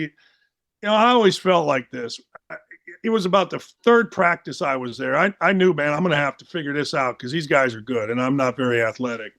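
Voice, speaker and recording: A man in his sixties with a Midwestern American accent, telling a story in a casual interview and acting out quotes in lively voices. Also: fairly high pitch. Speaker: sports talk host, guest storyteller.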